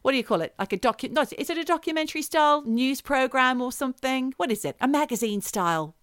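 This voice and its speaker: A woman's voice: sits high, animated, quick pace, fairly bright tone, clean tone, dry recording, studio quality. A woman co-hosting a podcast, chatting casually and telling stories in a playful way. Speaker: podcast co-host. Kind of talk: casual chat.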